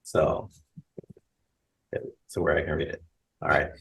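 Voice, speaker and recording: A man's voice: extremely low pitch, fairly even intonation, measured pace, vocal fry, fairly bright tone. A man chatting casually on a podcast, playful and rambling, often tripping over his words. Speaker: podcast guest. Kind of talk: casual chat.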